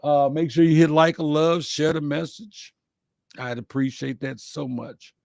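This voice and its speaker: A man's voice: a little high, fairly even intonation, measured pace, creaky, darkish tone, dry recording, clean studio sound. A man hosting an inspirational show, speaking from the heart in folksy phrasing and repeating his key lines. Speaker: host of an inspirational livestream show. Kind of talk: heartfelt motivational talk.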